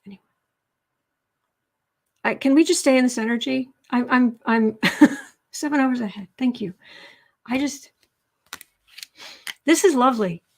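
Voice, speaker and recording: Speaking in a fairly high, slightly mellow voice with a measured pace and long pauses, this livestream host does tarot readings from home. She's sweaty and overheated as she talks casually with viewers and reads their comments out loud.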